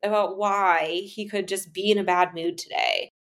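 A woman's voice: mid-range voice, fairly even intonation, normal speed, a bit bright. Young woman telling her own story. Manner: conversational, many fillers, acts out dialogue. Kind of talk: personal storytelling.

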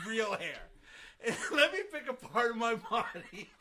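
A man in casual comedic chat, loud and joking, swearing with quick interjections. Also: very high voice, animated, background noise. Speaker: podcast co-host.

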